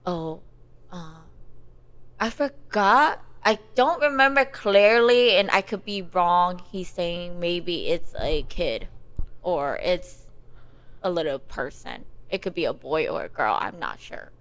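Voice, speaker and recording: A woman's voice: fairly low pitch, expressive, takes it slowly, a bit bright, poor audio. A young woman telling a personal dream story in casual chat, rambling with many fillers. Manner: rambling, lots of "like" and "you know". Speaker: guest.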